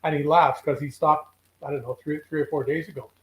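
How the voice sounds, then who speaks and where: An older man, a regular guest telling animated stories in casual chat and voicing the people in them. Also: on the high side, brisk, rough recording. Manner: animated storyteller who voices the people in his stories. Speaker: regular guest on a fishing show.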